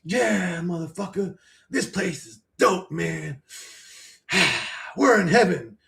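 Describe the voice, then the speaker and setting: A man's voice: high voice, expressive, slow, creaky, pushed and bright, exaggerated voice. A man parodying a smarmy male spiritual guru, drawing out his words in a mock-serene preaching tone. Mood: mock-blissful.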